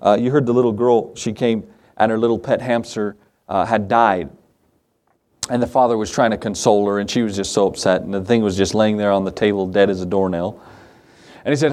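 A man's voice: on the low side, steady tone, brisk, darkish tone. A man pastor delivering a sermon, emphatic, posing questions and answering them himself. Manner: emphatic, asks and answers his own questions.

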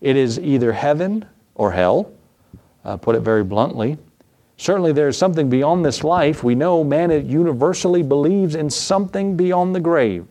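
A man's voice: lively intonation, normal speed, dark tone. Emphatic man preaching a sermon. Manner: emphatic, rhetorical questions with rising pitch; repeats phrases for stress. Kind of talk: evening church sermon.

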